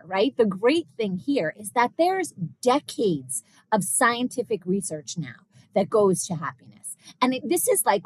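A woman's voice: on the high side, dry recording. A woman, a business consultant and researcher, explaining her work with enthusiasm in an interview. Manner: enthusiastic, explanatory, quotes people in asides. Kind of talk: interview conversation.

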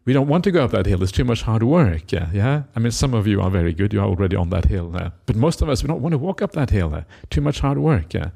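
A monk giving a Buddhist dharma talk, retelling a scripture story with many "uh" fillers and acted-out quotes. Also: male voice, lowish voice, lively intonation, fast, gravelly, hardly any pauses, dark tone.

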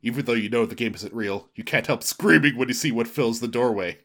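A man's voice: medium pitch, a little fast, bright, forceful tone. A man co-hosting a comic podcast, reading a gamebook aloud with wry asides. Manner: wry, amused. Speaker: co-host, reader.

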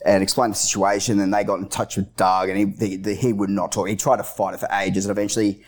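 A man's voice: on the low side, flat delivery, fast, low-quality recording. A man co-hosting a podcast in a studio, telling a rambling story with lots of swearing. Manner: rambling, swears often, acts out quotes. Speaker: podcast co-host. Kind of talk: casual storytelling chat.

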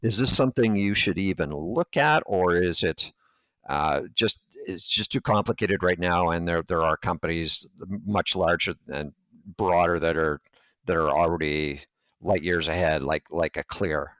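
A man's voice: low voice, measured pace, a bit bright, smooth, no room sound. A man from Canada hosting an interview, asking long hypothetical questions with some hesitation. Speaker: interview host. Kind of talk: casual interview chat.

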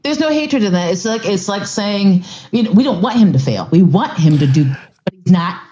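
A woman's voice: medium pitch, lively intonation, normal speed, dark tone, highs cut off. A woman guest on a podcast, talking casually and bluntly, swearing freely and stammering through restarts. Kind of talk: casual chat.

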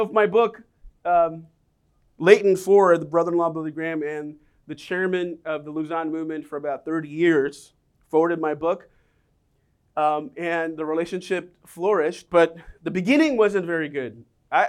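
Man, middle-aged, preacher, animated storytelling, slightly high voice. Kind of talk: sermon with personal stories.

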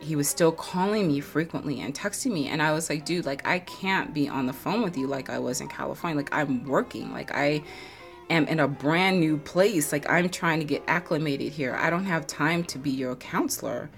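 A woman telling a personal story in a casual, animated way, with many fillers. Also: low voice, normal speed, vocal fry, soft background music.

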